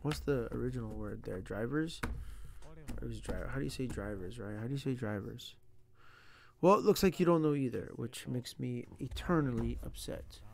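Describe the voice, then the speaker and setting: A man's voice: medium pitch, normal speed, creaky, darkish tone, slight background noise. A man working aloud through practice sentences, sounding out words and joking to himself as he studies. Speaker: language learner. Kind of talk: self-talk while studying.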